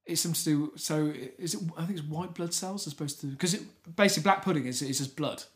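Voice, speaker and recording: A man's voice: fairly high pitch, fast talker. A man co-hosting a comedy podcast, reading out odd news stories and laughing often between jokes. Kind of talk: casual comedic chat.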